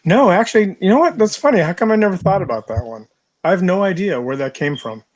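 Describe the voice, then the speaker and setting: A male podcast co-host muses casually and sounds amused. His voice is somewhat high, and the sound is dry and close. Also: expressive, fast talker, dry recording. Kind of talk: casual conversation.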